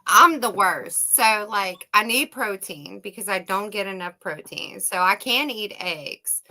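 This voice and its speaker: A woman, co-hosting a casual livestream chat, a loud, laughing, salty storyteller. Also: mid-range voice, expressive, a little slow, poor audio. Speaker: co-host.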